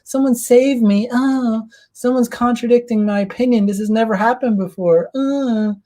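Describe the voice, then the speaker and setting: Man doing a shrill whiny offended woman. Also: normal speed, warm tone. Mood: mocking. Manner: shrill, sing-song mockery. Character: mocking falsetto of a whiny offended young woman.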